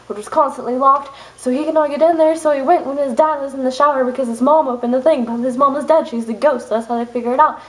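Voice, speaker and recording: A young woman vlogger ranting angrily to her camera, fast and exasperated with sudden outbursts. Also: high-pitched, poor audio. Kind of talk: angry rant to camera.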